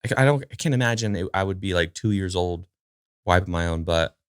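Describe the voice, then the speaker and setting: A podcast host talks casually by himself from a chair at home, recording to a camera and rambling with lots of fillers and side comments to his dog. He has a low voice and a quick pace, with a clean tone. There's no room sound, just clean studio audio.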